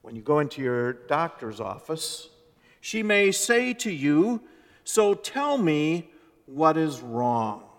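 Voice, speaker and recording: A male pastor preaching a sermon in a church, moving from loud, emphatic lines to soft, hushed phrases. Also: on the high side, sing-song, slow pace. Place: church sanctuary. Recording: long church reverb.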